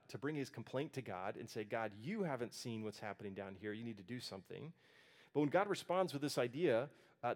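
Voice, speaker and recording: A man preaching a sermon, speaking earnestly and conversationally and often restarting his phrases. His voice sits at an ordinary middle pitch. It rings out with a long reverb, as in a church sanctuary. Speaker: pastor.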